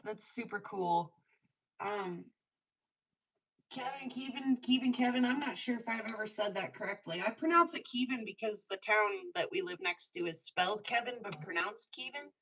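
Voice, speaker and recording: A woman's voice: mid-range voice, expressive, normal speed, creaky, sharp tone, slight background noise, low-quality recording. A woman hosting a casual craft livestream, chatting while she works, laughing often and making fun of herself. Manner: chatty, laughs often, self-mocking asides. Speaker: livestream host making jewelry.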